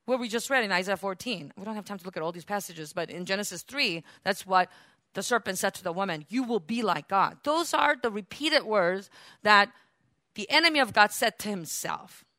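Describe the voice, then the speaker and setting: A woman preacher teaches scripture with animated energy, often turning questions on her listeners. Her voice is bright and forceful, and the recording is dry and close, with no room echo. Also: medium pitch, fairly quick. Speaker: Bible teacher. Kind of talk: sermon-style Bible teaching.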